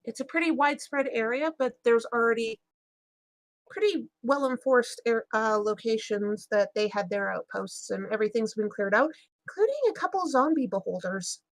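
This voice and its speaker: A woman with a fairly high voice speaks in character at a tabletop game, pausing often with ums and small restarts. Her voice is close and dry, with no room sound. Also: no room sound. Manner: hesitant, many fillers and restarts. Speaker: player. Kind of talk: in-character tabletop role-play.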